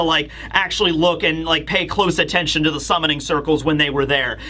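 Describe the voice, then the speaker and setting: Male host of a manga review channel: high, bright voice, animated recap style. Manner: animated, acts out scenes with voices and laughs. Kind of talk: casual video commentary.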